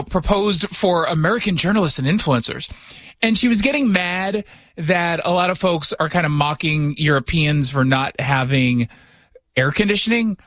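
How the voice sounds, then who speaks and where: A man's voice: sits high, fairly bright tone, no echo. A man hosting a radio talk show from his studio, talking casually with sarcastic, joking asides.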